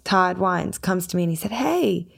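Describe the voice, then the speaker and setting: A woman's voice: fairly low pitch, a little fast, vocal fry. A woman hosting a podcast, chatting casually and telling a personal story, acting out her own quoted lines as she goes. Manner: storytelling, quotes herself with animated voices. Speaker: podcast host and singer.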